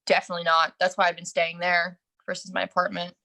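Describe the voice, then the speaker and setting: A woman's voice: lowish voice, monotone, fast talker, vocal fry, bright, forceful tone. A young woman from New Jersey with a New Jersey accent, chatting casually on a livestream with laughing asides. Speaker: real estate agent, guest. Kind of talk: casual group chat.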